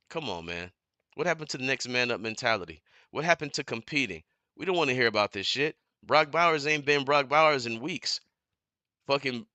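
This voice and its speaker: A man in a fired-up, profane fan rant on his live stream, repeating himself and getting louder as he goes. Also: mid-range voice, no room sound. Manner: heated, profane, repeats himself, builds to shouting. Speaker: sports commentator streamer. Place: home living room.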